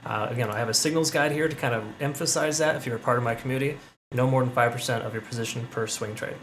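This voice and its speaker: A man's voice: medium pitch, steady tone, fast, a bit bright, slight background noise. A man hosting a crypto analysis channel, talking casually through chart readings and often checking in with "okay?" and "right?".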